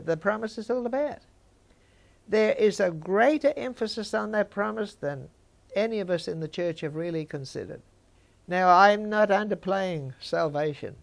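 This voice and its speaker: Older woman, Bible teacher, conversational, gravelly voice with a little fry. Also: on the low side. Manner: conversational, chats with listeners.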